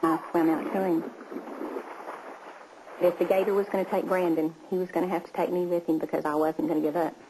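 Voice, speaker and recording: A woman with a Texan accent retelling a rescue in a documentary interview, in a plain, even way. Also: on the low side, brisk, pauses often, noisy background. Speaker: rescuer, boy's aunt. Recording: music underneath.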